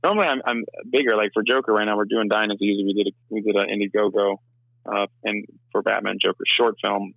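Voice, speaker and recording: Fast-talking man with a gravelly low voice. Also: level tone, dry recording, narrow, tinny audio. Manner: fast, rambling, full of restarts and "like". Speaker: filmmaker and actor, interview guest. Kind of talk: casual interview chat.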